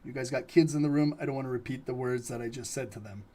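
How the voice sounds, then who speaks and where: A man's voice: mid-range voice, fast talker, mellow. A man hosting a live trading stream, talking casually through charts and asking viewers questions. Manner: casual, asks viewers questions, frequent "okay?". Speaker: trading livestream host. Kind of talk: live market analysis.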